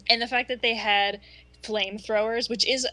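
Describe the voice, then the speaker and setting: A woman with a bright, forceful tone, talking eagerly and explaining in detail, her speech full of fillers. The sound is dry and close. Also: fairly high pitch, fairly even intonation, moderate pace, no room sound, poor audio. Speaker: podcast co-host. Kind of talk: casual chat.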